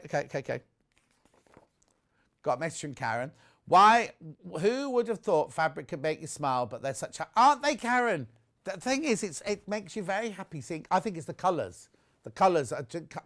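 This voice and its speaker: A man presenting on a live TV shopping show, chatty and excitable, jumping between asides. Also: fairly high pitch. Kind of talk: live TV sales chat. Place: TV studio.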